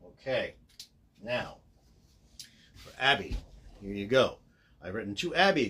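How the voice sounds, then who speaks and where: A man's voice: medium pitch, very animated, unhurried, pauses often, sharp tone, muffled recording. A man chatting casually on a livestream as he signs autographs, narrating each step and joking at his own expense. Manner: chatty and self-deprecating, narrating what he does. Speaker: voice actor signing autographs on a livestream.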